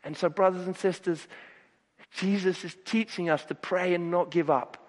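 A man's voice: high voice, steady tone, normal speed, long reverb tail. A man preaching a sermon, earnest, often repeating words as he starts a sentence. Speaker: pastor.

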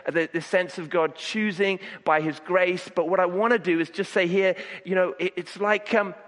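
A man's voice: high voice, steady tone, normal speed, fairly bright tone, big-room sound. A man preaching a sermon, earnest, often repeating words as he starts a sentence. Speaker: pastor.

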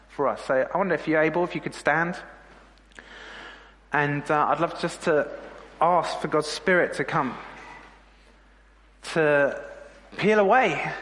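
A man's voice: on the high side, a bit bright, in a large hall. A middle-aged male pastor preaching an earnest, heartfelt sermon, sometimes repeating words when moved.

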